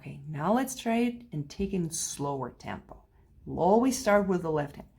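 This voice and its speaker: A woman's voice: fairly low pitch, lively intonation, moderate pace, gravelly, a little mellow, slightly rough. A woman teaching a play-along piano lesson, patiently explaining phrasing and counting beats aloud, with light laughs now and then. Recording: piano heard faintly behind.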